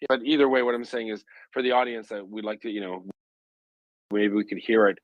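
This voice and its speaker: A man's voice: fairly low pitch, steady tone, fairly quick, no echo, highs cut off. A man hosting a live audio chat room, talking in a rambling way with many fillers and restarts. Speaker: host of a live audio space.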